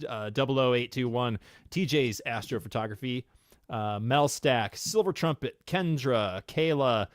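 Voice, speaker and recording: A man co-hosting a podcast in casual live-stream chat, halting, thankful and quick to laugh, with a tired throat. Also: mid-range voice, no echo, studio quality. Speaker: podcast co-host.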